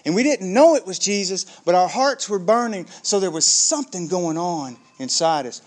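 A man preaching a sermon as pastor, telling the story with animated, acted-out dialogue. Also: high voice, normal speed, hardly any pauses. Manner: animated storytelling, acting out biblical characters.

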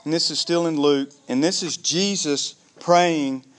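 A man preaching a sermon, conversational and animated, calling the congregation "gang" and asking them questions. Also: a little high, unhurried. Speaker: pastor.

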